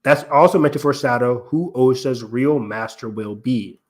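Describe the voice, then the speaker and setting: A man's voice: mid-range voice, normal speed. Man analyzing a show in podcast chat. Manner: analytical, steady explaining with frequent ums and restarts. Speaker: podcast co-host. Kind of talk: casual podcast discussion.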